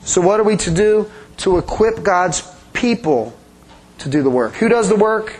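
A man's voice: sits high, normal speed, poor audio. A male pastor giving an interactive sermon, asking the congregation questions and affirming their answers in a conversational, emphatic way. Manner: animated emphasis, playful sound effects.

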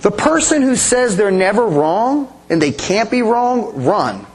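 Animated high-voiced male pastor. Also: unhurried, breathy edge, poor audio. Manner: conversational, asks the congregation questions and affirms answers; animated emphasis, playful sound effects. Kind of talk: interactive sermon teaching.

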